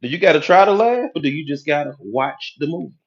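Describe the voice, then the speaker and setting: Animated man coaching motivationally. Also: fairly high pitch, quick pace, lo-fi sound. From United States. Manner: preachy, animated, acts out quoted voices. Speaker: hypnotherapist and life coach. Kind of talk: motivational talk.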